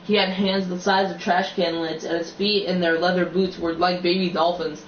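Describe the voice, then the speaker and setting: Guy reading a book aloud, high voice, stumbles a lot, echoey and far from the mic. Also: level tone, moderate pace, dull audio, slight background noise. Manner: stumbling reading with frequent slips and restarts. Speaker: reader.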